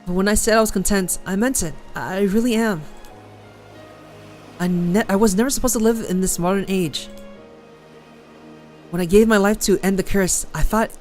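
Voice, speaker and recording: A woman voicing a calm, content centuries-old immortal in a visual novel, reading with a gentle, reflective delivery. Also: medium pitch, moderate pace, long pauses, soft background music, lightly acted.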